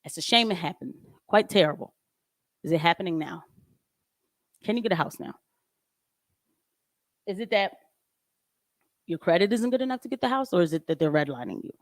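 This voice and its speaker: A woman's voice: on the low side, expressive, normal speed, pauses often, no echo, clean studio sound. A woman doing casual, emphatic livestream commentary on a home microphone, talking animatedly and laughing often. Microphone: home microphone with audio trouble.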